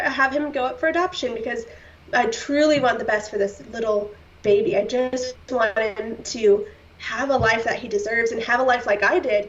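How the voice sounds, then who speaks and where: A woman guest on a podcast, telling a hard personal story in an earnest, heartfelt way, with many fillers and the odd short laugh. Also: fairly high pitch. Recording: slightly distant, dull-sounding.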